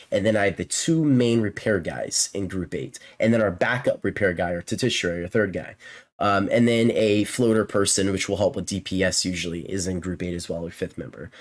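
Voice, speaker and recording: Low male voice, casual game strategy walkthrough, loose and rambling with lots of ums. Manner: rambling, many fillers and self-corrections. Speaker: game guide creator and shot caller.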